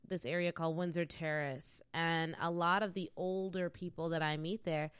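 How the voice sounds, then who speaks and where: A young woman, chatting casually with quick asides and lots of fillers. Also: lowish voice, steady tone, a bit bright, smooth, dry recording, studio quality. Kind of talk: casual chat.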